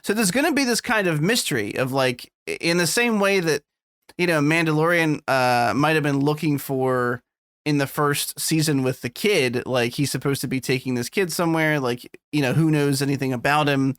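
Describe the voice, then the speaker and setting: A chatty man co-hosting a podcast, his voice pitched a little above the usual for men. He talks casually, laughs easily and swears freely. The sound is dry and close, with no room around it. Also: normal speed, a bit bright, no echo. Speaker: podcast co-host. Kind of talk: casual chat.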